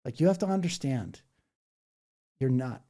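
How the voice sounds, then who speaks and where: Blunt, mellow-voiced male streamer. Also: mid-range voice, expressive, a little slow. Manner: blunt and argumentative, slips into mocking voices; says "bro" and "dude" a lot. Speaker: livestreamer reading chat. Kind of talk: casual live-stream chat.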